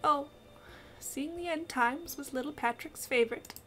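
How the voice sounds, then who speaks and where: A woman's voice: high voice, measured pace, a bit bright, slight background noise, pitched above the performer's own voice. A woman voicing an elderly granny with a sweet, creepy old-lady lilt who talks of the end of the world, over game music. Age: figure older. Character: old granny fixated on doom.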